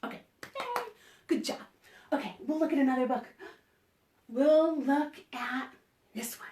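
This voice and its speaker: Woman, children's librarian, online storytime; high voice, animated and encouraging, in an echoey room. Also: measured pace, background noise. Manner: animated and encouraging, with gasps of surprise and prompts to join in. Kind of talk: online storytime reading picture books to children. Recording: roomy echo.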